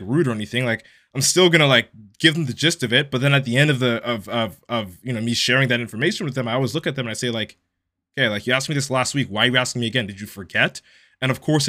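A man's voice: mid-range voice, pushed and bright. A young man hosting a podcast as an online fitness coach, ranting bluntly with lots of swearing in a casual, fired-up monologue.

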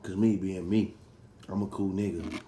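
A man's voice: deep voice, fairly even intonation, moderate pace. A man co-hosting a podcast, talking in a laid-back, blunt and profane way in a casual chat. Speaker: podcast co-host. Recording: roomy sound with faint noise.

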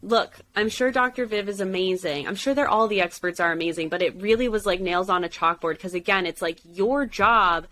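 A woman's voice: mid-range voice, a little fast, few pauses, bright, forceful tone. A woman co-hosting a casual chat about a dating show, talking emphatically and firing off rhetorical questions. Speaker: podcast co-host.

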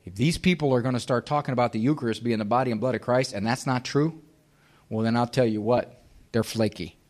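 A man's voice: medium pitch, a little fast, darkish tone. A man giving a live talk to an audience, emphatic and sarcastic, firing off rhetorical questions.

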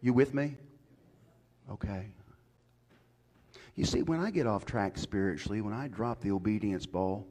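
Man, pastor, folksy sermon, lowish voice, loud to whispered. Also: a little slow, long pauses. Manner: folksy, swings from shouted to whispered.

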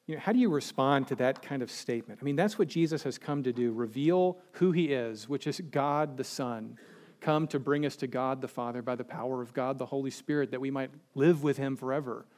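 Guy preaching a sermon, gets lively then slows way down and goes quiet on the verses. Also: mid-range voice. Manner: animated preaching, quoting scripture in a slow, hushed voice. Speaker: pastor.

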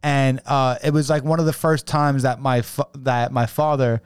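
A man's voice: medium pitch, flat delivery, normal speed, clean tone, dry recording. Rambling, swearing man telling a story. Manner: rambling, laughs through story, swears a lot. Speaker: podcast co-host. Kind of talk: casual storytelling chat.

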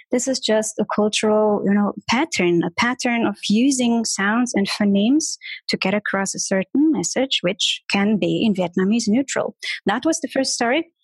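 Brief: woman, podcast guest, playful and lively, mid pitch, dry sound. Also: no echo. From Germany. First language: German. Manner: lively, playful imitations of voices. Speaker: guest, conversation designer. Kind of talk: podcast interview.

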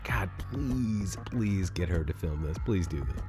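A man's voice: deep voice, lively intonation, a little slow, music in the background. A man co-hosting a podcast in casual chat, joking and swearing freely. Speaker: podcast co-host.

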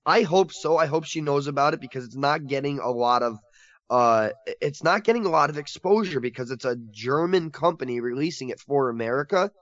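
A man co-hosting a casual podcast, talking with excitable enthusiasm and laughing often. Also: medium pitch, fairly quick, no echo, lo-fi sound. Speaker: podcast co-host covering horror collectibles.

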